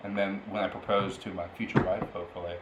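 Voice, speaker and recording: A man's voice: deep voice, little pitch movement, quick pace. Young man telling stories in an echoey room. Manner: laughs often while telling stories, rambling. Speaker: podcast co-host. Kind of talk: casual storytelling chat. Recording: roomy echo with faint background noise.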